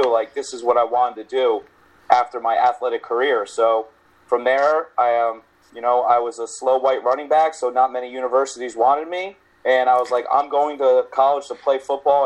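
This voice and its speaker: A man guesting on a podcast, a coach recounting his story plainly and steadily at a middle pitch for a man. His tone stays even and conversational, heard over a video call. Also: low-quality recording. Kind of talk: casual interview chat.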